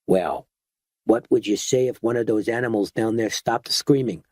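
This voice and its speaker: A man voicing a blunt, cynical man who bellows orders and talks gruffly. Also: on the low side, normal speed, a little mellow, dry recording, studio quality, lightly acted. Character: blunt, cynical middle-aged man taking charge.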